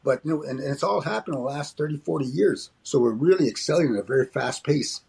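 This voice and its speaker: A man's voice: on the high side, animated, fast talker, gravelly, a little mellow, slightly rough. An older man from Alberta, a comedian and speaker reflecting in an interview, often restarting and tagging lines with "eh?". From Alberta, Canada. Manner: frequent restarts and tag "eh?".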